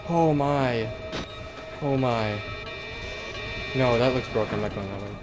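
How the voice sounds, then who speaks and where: A man's voice: mid-range voice, unhurried, long pauses. A young man doing casual commentary over a horror game, jumpy and swearing, with frightened yelps. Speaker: gaming YouTuber. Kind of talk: horror let's-play commentary. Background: game music.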